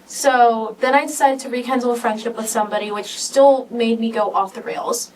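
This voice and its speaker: A woman's voice: on the high side, fairly even intonation, moderate pace, recorded from a distance, a little hiss or hum, low-quality recording. A teenage girl talking casually on a podcast, telling personal stories in an emotional, rambling way full of "like.". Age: teens. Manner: emotional, rambling storytelling with many "like"s. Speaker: podcast co-host.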